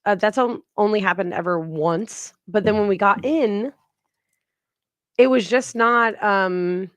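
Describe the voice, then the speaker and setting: A woman's voice: medium pitch, measured pace, no room sound. A woman co-hosting a podcast, telling a story in casual chat and acting out the people in it. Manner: animated storyteller, acts out quoted exchanges. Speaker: podcast co-host.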